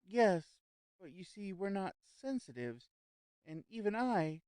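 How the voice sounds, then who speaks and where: A man's voice: high voice, big pitch swings, slow pace, a little mellow, clear, resonant tone, dry recording, pitched above the performer's own voice, exaggerated voice. A man voicing an anxious, fussy society lady who hesitates and stumbles over her words. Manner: nervous, hesitant, stammering repeats.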